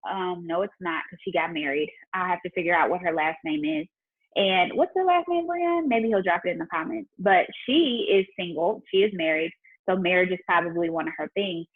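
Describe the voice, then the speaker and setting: A woman's voice: fairly low pitch, brisk, breathy edge. A woman entrepreneur talking casually and with faith to her viewers during a livestream Q&A, answering questions as they come in. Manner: chatty and faith-driven, talking straight to viewers. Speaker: entrepreneur and business mentor. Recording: tinny phone-like livestream audio.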